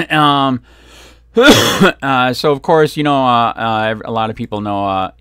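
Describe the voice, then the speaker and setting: A man's voice: mid-range voice, animated, slow pace, a bit bright, clear, resonant tone, no echo, studio quality. A man vlogging about police, ranting angrily with heavy swearing and sarcasm. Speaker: copwatch vlogger. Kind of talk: angry ranting commentary.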